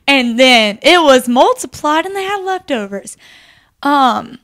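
A young woman co-hosting a faith podcast, talking in an animated, chatty way with lots of fillers. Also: high voice, unhurried. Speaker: podcast co-host. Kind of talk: casual faith discussion.

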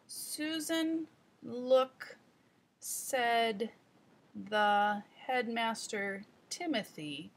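A woman doing a halting young girl reader. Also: on the high side, animated, exaggerated voice. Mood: muddled. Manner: slow, sounding out words with stops and restarts. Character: young girl reading aloud, halting and stumbling.

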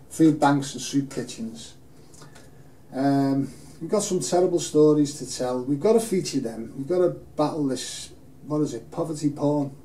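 A man's voice: a little high, warm tone. A man speaking unscripted and emotionally in a film studio, rambling and earnest. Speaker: campaigner making an appeal video. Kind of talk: unscripted personal appeal. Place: film studio in front of a green screen. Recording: roomy, distant mic, faint hiss.

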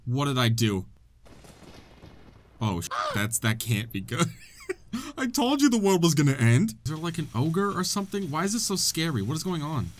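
A young man hosting a casual video game let's play, excitable and joking as he plays. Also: on the high side, normal speed, slight background noise. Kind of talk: casual gameplay commentary.

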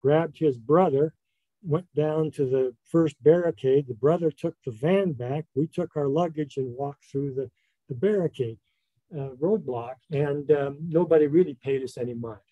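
A man giving a casual slide talk as guest speaker, telling a travel story in a relaxed way with many fillers. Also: a little high, normal speed, no echo, narrow, tinny audio.

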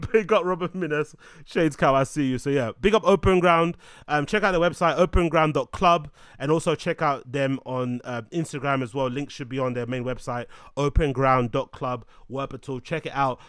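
A man hosting a show, chatting in an animated, joking way with frequent swearing. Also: medium pitch, normal speed, clean tone, no room sound, studio quality. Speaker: show host. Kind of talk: casual commentary.

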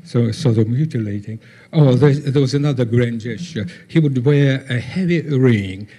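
An older man gives a conference talk over slides, halting, with many pauses and fillers. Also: medium pitch, warm tone, breathy edge. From former Soviet Union. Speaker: guest speaker.

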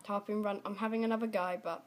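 A young woman giving casual, excitable gameplay commentary, shrieking and laughing at on-screen mishaps. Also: medium pitch, quick pace, slight background noise. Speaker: gaming channel host.

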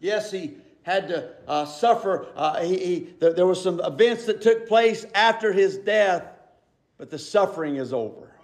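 Man, pastor, sermon, very high voice, echoey church room, loud-to-hushed swings, calls for amens. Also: moderate pace. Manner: preaching with sudden swings between loud and hushed; calls out for "Amen?" from the congregation.

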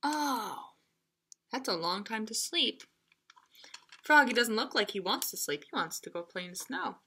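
A woman reading a picture book aloud to young children, gentle and playful, often laughing and asking questions. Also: fairly high pitch, lively intonation, a little slow, slight background noise. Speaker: children's librarian. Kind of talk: children's story time reading. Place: library online session.

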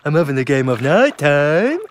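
A woman's voice: low voice, sing-song, moderate pace. An actress voicing a childlike woman who speaks in a playful sing-song.

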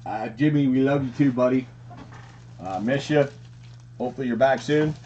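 A man's voice: medium pitch, normal speed, lo-fi sound, slight background noise. Man gushing over a card break. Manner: excited, says "frickin' sick". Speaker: card collecting channel host. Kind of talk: casual card unboxing chat.

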